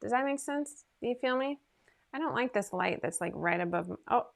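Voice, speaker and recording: A woman's voice: a little high, lively intonation, a little fast, gravelly. Chatty, self-deprecating woman livestreaming at home. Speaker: host of a sewing livestream. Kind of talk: casual livestream chat.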